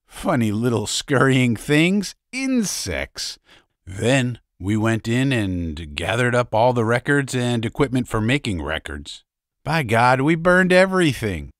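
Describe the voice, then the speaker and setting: A man voicing a gruff older revolution veteran in an audiobook, telling war stories in a deep, furry voice with boastful swagger. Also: very animated, a little slow, dry recording, studio quality. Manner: boastful, beer-soaked storytelling. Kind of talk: audiobook character voice.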